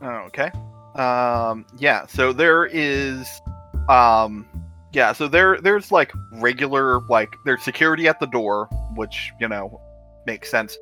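A man running a tabletop game as game master, describing the scene in halting bursts. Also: medium pitch, sharp tone, soft background music. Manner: halting, searching for words.

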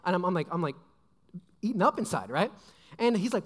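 Fast-talking young male preacher, hall echo. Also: sits high, expressive. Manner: rambling, joking, full of fillers and asides. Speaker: pastor. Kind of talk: casual sermon. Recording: long hall reverb.

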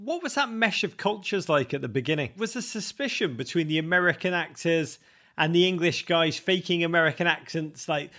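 A man's voice: on the high side, expressive, brisk, bright, forceful tone. A man hosting a podcast, asking questions with enthusiasm. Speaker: podcast host. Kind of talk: interview questions.

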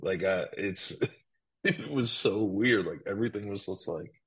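A man's voice: low voice, a little slow, a bit bright, breathy edge. A man co-hosting a podcast in casual chat, laid-back and full of fillers. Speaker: podcast co-host.

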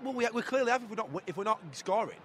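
Excitable high-voiced young football fan. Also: male voice, very fast. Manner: excitable, shouts at the play, argumentative. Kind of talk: live matchday commentary and banter. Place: football stadium stands, outdoors. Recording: noisy outdoor stadium.

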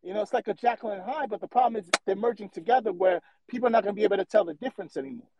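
A man's voice: high-pitched, racing, lo-fi sound, background noise. A man calling in to a show, giving a long, passionate and rambling opinion, often repeating himself. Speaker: caller. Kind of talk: opinionated call-in rant.

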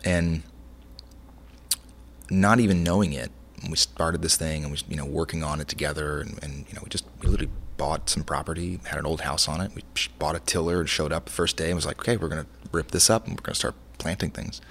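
Very low gravelly man telling stories. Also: fairly quick, slight background noise. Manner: rambling, many restarts, animated storytelling. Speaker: chef and restaurateur, guest. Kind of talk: casual interview conversation.

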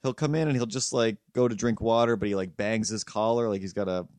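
A man's voice: fairly low pitch, steady tone, brisk, a little mellow, no room sound. A man hosting a podcast, telling a rambling, profane story in casual chat. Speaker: podcast host.

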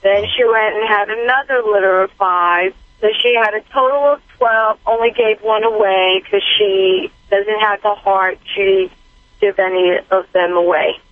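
A man calling in to a radio show, speaking hesitantly with many pauses and fillers. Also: high-pitched, fairly even intonation, no echo. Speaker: caller. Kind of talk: phone-in call. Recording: tinny phone line.

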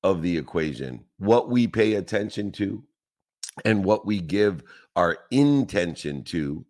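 Deep-voiced male motivational speaker, emphatic, list-heavy cadence, rhetorical questions. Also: lively intonation, measured pace, darkish tone. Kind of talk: motivational talk.

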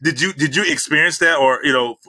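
A man's voice: fairly high pitch, fast talker, bright, forceful tone. A man, a former basketball player, co-hosting a casual sports talk show and asking easygoing questions. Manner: easygoing, asks the guest questions, lots of fillers.

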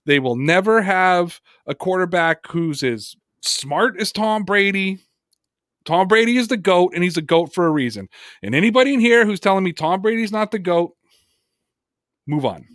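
A man's voice: high-pitched, moderate pace, no room sound, clean studio sound. Emphatic man on a sports podcast. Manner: animated, emphatic, reads chat comments aloud. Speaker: podcast co-host. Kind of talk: casual sports podcast chat.

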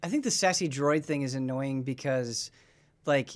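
A co-host in casual podcast chat, mostly brief agreeing interjections, measured when explaining a point. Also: medium pitch.

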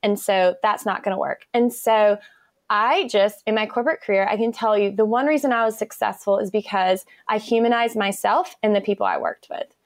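A woman's voice: mid-range voice, expressive, brisk, dry recording, clean studio sound. A woman in her thirties with an American accent, a podcast guest chatting casually and telling stories with lots of fillers and enthusiasm. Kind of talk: casual interview chat.

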